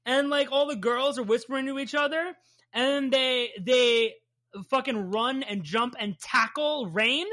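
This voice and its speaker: A woman's voice: sits high, a little slow, fairly bright tone. A woman in her thirties hosting a comic book podcast, chatting casually and enthusiastically with plenty of swearing. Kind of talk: casual chat recapping a comic.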